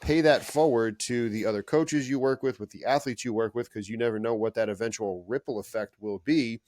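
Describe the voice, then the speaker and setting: A man's voice: medium pitch, brisk, darkish tone, no room sound. A male podcast host with a mid-range voice, recorded dry and close with no room sound. He speaks earnestly, urging his listeners on with motivational advice. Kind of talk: casual podcast chat.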